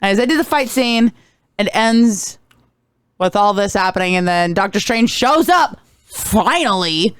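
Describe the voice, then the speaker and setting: A woman co-hosting a casual movie chat who retells scenes with animated, acted-out quotes. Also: medium pitch, measured pace, clean tone, dry recording, studio quality. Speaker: co-host.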